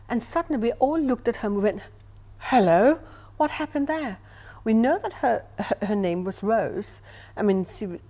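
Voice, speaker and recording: Older woman medium, emphatic storyteller. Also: medium pitch. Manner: emphatic, animated storyteller, asks "do you see what I mean". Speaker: spiritual medium. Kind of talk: conversational interview storytelling.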